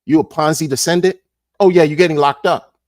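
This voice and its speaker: A man ranting in a casual monologue, animated and sarcastic, repeating words and laughing often. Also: on the high side, a little fast, dry recording, clean studio sound. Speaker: crypto commentator.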